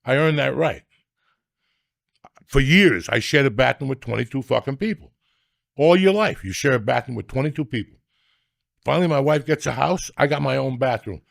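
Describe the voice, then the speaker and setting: A middle-aged man telling comic stories as a podcast guest, loud, ranting and foul-mouthed. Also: mid-range voice, expressive, moderate pace, vocal fry, long pauses, dry recording, studio quality. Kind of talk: profane comic storytelling.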